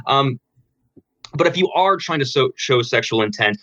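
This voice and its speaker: A man in his twenties answers interview questions about dating in a loose, frank way, full of "um" and restarts. His voice is bright and forward. The recording is dry and a bit dull, lo-fi. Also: mid-range voice, animated, moderate pace, dry recording. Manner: frank, explanatory, many fillers and restarts. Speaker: dating coach guest.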